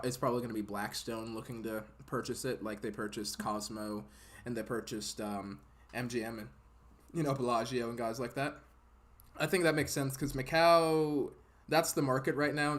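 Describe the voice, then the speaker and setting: A male podcast host talking in a loose, casual way. He rambles through his points and jokes along the way. His voice sits at a middle pitch for a man. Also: steady tone, fairly quick, fairly bright tone. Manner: rambling and jokey, laughs often.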